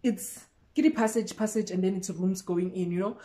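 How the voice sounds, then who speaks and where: A young South African woman telling a storytime vlog in a lively way, acting out the exchanges as she goes. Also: mid-range voice, moderate pace. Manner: animated, code-switching storyteller who acts out each exchange. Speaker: YouTuber.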